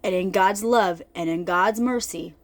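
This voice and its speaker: A woman talking casually about the Bible to her viewers, animated and chatty, often repeating herself and calling the audience y'all. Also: medium pitch, unhurried. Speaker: faith vlogger. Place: lives in an RV.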